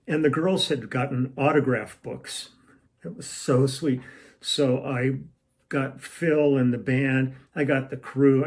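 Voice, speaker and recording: An older man telling a long story casually at home, meandering and acting out what people said. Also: medium pitch. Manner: rambling, meandering, acts out quoted lines. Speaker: musician telling a tour story. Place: at home, room with a shelf.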